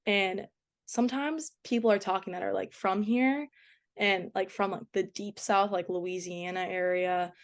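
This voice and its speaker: A young woman with a light Boston accent chats easily as a podcast guest. Her voice sits at an ordinary middle pitch, and she talks in a casual way full of fillers and quick laughs. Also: fairly even intonation. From Boston area. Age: young adult. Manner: chatty, laughs often, many fillers. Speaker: guest, college soccer goalkeeper. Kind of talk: casual interview chat.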